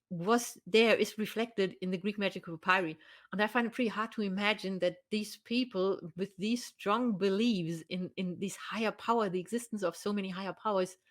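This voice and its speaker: A woman scholar, a guest in an academic conversation, who talks haltingly and searches for her words. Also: mid-range voice.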